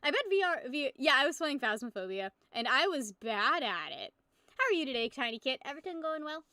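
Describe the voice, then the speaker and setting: A woman's voice: high voice, big pitch swings, brisk, sharp tone, no room sound, studio quality. A young woman in her twenties streaming, chatting casually with viewers in a rambling, giggly way and swearing freely. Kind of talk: casual live-stream chat.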